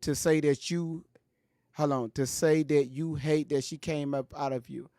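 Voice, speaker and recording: A man with hosts a livestream. He presses commenters with repeated questions, his voice sitting a bit high for a man, close and dry with no room sound. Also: fairly even intonation, measured pace, dark tone, no echo. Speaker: livestream host. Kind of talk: livestream talk.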